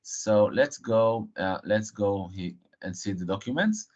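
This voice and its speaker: A man presenting a live technical software demo, halting and filling pauses with frequent uh and um. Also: fairly low pitch, expressive. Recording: dull lo-fi stream audio.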